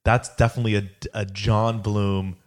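A man with a low voice co-hosts a podcast, chatting casually. He teases his co-host with dry sarcasm and quick asides. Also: flat delivery. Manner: teasing, sarcastic. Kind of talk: casual chat.

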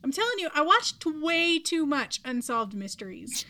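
A woman's voice: high voice, sing-song, moderate pace, bright, forceful tone. A woman in her thirties co-hosting a podcast, chatting casually with lots of fillers and a wry tone. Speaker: podcast co-host. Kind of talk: casual chat.

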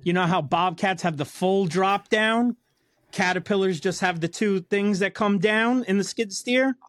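A man's voice: sits high, unhurried, a bit bright, no echo, clean studio sound. A man in casual, profane chat, telling blue-collar work stories.

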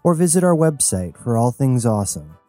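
A man giving scripted audio drama narration in an even, measured way. His voice is dark and mellow, recorded dry and close to the mic. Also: medium pitch, dry recording, soft background music. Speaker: narrator and sole performer.

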